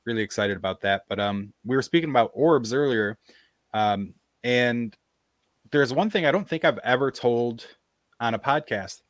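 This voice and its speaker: A man's voice: medium pitch, normal speed, dry recording. A man hosting a podcast, telling a story in casual chat and acting out what others said. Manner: animated storyteller, acts out quoted voices. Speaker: podcast host.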